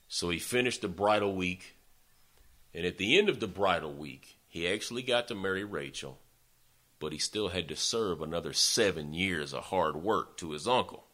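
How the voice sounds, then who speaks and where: A male preacher telling a story in a sermon, folksy and animated, often speaking straight to his listeners. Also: low voice, normal speed.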